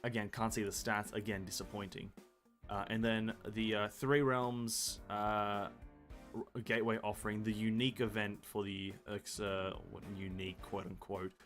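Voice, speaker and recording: A man's voice: lowish voice, little pitch movement, moderate pace, a bit bright. Guy streaming a game, rambly and sweary, trips over words reading stuff out, faint music behind. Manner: rambling, self-mocking, swears freely; reads game text aloud with slips. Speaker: gaming streamer. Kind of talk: casual live-stream chat.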